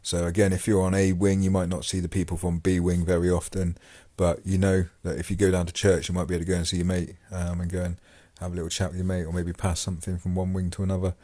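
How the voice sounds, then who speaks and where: A man's voice: deep voice, monotone, quick pace, hardly any pauses, mellow, dry recording. A man hosting a podcast, talking casually about his time in prison, rambling with many fillers and restarts. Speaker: podcast host and former prisoner. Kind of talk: casual monologue.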